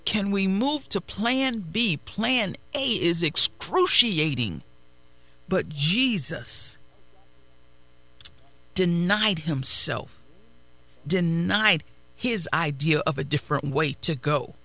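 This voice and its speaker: Slow, gravelly high-voiced male preacher. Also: expressive, bright, forceful tone, dry recording. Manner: slow, emphatic preaching with repeated phrases; prayerful asides while searching the text. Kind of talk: sermon.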